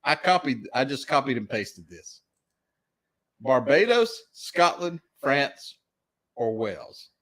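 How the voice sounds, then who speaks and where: A man's voice: medium pitch, animated, slow pace, a bit bright. A man with a Southern US accent hosting trivia in casual live-stream chat, chuckling as he reads out questions. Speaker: trivia host.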